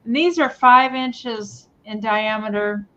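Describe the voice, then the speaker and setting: A woman's voice: a little high, slow, a bit bright, clear, resonant tone, highs cut off. A woman chatting casually as she sells items on a live stream from home, rambling with many fillers. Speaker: live sale seller. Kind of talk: casual live sale chat. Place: at home near the kitchen.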